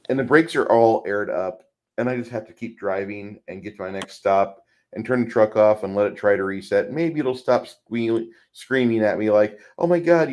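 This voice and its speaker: A man with a lowish, somewhat dark voice co-hosts a casual movie podcast and also works as a truck driver. He rambles, often restarts his sentences, and puts on voices when quoting.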